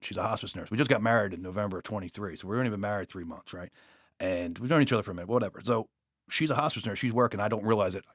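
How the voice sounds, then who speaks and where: A man with a New York accent, a police officer telling his story as a guest in a blunt, profane, animated way. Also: fairly low pitch, racing, no room sound, studio quality.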